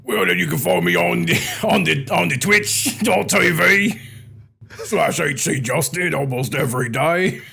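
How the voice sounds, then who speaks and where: A bumbling, cheery fake-British character, as a man puts him on talks in a high, bouncy voice with a bright, husky edge. The accent wobbles as he giggles through it. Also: big pitch swings, unhurried, full character voice. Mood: playful.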